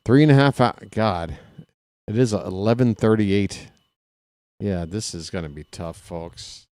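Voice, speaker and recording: Unhurried low-voiced sports commentator, a man. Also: a little mellow, clear, resonant tone, no echo, studio quality. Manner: chatty, talks straight to viewers between pitches; candid, self-deprecating asides. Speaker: play-by-play commentator. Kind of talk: casual live play-by-play.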